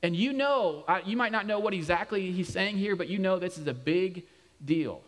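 Animated high-voiced male preacher in a hall. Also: moderate pace. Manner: animated, humorous asides. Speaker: pastor. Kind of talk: conversational sermon. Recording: long hall reverb.

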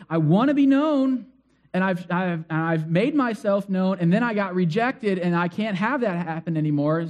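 A man preaching a sermon to his congregation, telling stories in a conversational, animated way, asking the crowd questions and repeating phrases for emphasis. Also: sits high. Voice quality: conversational, animated storytelling with acted-out cries. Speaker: pastor.

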